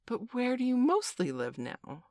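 A woman's voice: a little high, huge pitch swings, a little slow, warm tone, dry recording, voice pushed up, exaggerated voice. A woman reading a storybook aloud, voicing an eager, curious young girl who asks breathless questions.

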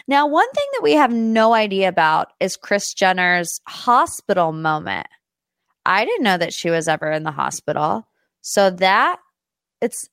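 A young woman hosts a podcast, chatting and gossiping about pop culture news with lots of asides and fillers. Her mid-range voice has a clear, resonant tone, and the recording is dry and studio quality.

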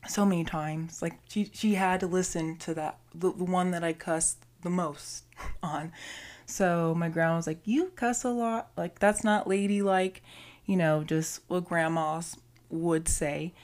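Excitable girl in her 20s hosting a podcast, gushy and chatty. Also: fairly low pitch. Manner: bubbly, gushing, chatty. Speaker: podcast host. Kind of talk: solo podcast intro.

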